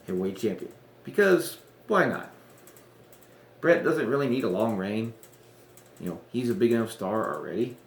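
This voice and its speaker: A man talks through wrestling bookings in casual, rambling chat, often stopping to correct himself. His pitch sits in the middle. A roomy echo surrounds the voice. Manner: rambling, self-correcting, chuckling asides. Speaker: wrestling podcaster.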